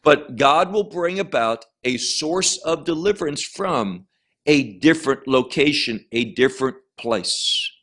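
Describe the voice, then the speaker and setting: Slow, animated man teaching the Bible. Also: mid-range voice. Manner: emphatic, stresses key words slowly; restarts and repeats words as he explains. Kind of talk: Bible lecture.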